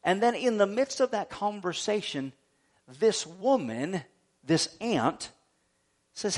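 A man's voice: high voice, big pitch swings, takes it slowly. A man preaching a sermon as pastor, telling a story, acting out the voices of the people in it and calling for amens.

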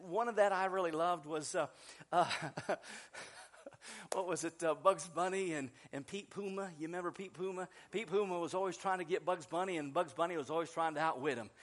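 A middle-aged man preaching a sermon, chatty and animated, telling stories with laughter and many restarts. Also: sits high, moderate pace. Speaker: pastor.

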